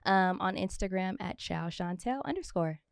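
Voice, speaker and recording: Woman guest on a podcast, smooth voice, dry sound, just chatting easy. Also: medium pitch, animated, normal speed, no room sound. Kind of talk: casual podcast chat.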